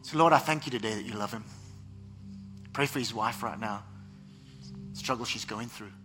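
A man pastor preaching a sermon, animated, sometimes mimicking other voices. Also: on the low side, normal speed, faint music behind.

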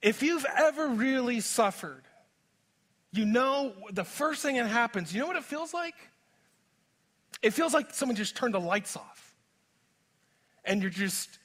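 Guy pastor preaching, chatty and jokey about himself, pretty high voice. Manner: animated, conversational preaching with self-deprecating humor. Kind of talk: sermon.

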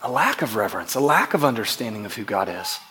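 In this sermon, a pastor speaks to his congregation in a fairly low, sing-song voice that's fast, pushed, and bright. He hammers home key phrases with emphasis and poses questions to the people in the pews.

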